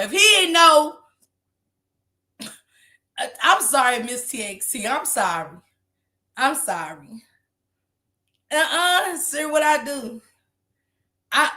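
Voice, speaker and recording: A woman hosts a casual commentary livestream, laughing and gossiping with profane energy. Her voice sits high and sounds bright and sharp. She rambles, apologizes, and keeps cracking herself up. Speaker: livestream host.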